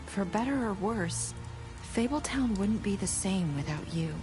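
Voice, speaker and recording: A gentle, sincere young woman from a video game, voiced by an actress with a mid-range voice. She speaks softly, with game music under her lines. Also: mid-range voice, lively intonation, measured pace, natural voice.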